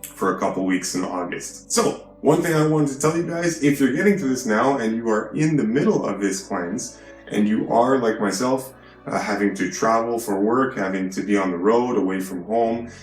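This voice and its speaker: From a hotel room, a man with a lowish voice hosts a vlog at normal speed, with roomy sound and soft background music. His monologue is preachy, lecturing emphatically and repeatedly asking "right?"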